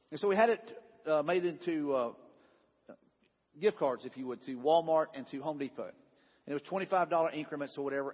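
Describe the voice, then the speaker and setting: A man's voice: a little high, slightly rough. A man preaching a sermon, telling a story in a conversational way and often repeating himself. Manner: conversational, repeats himself, quotes people in dialogue. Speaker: pastor. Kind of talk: sermon with slides. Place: church sanctuary. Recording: dull sound in a large echoing hall.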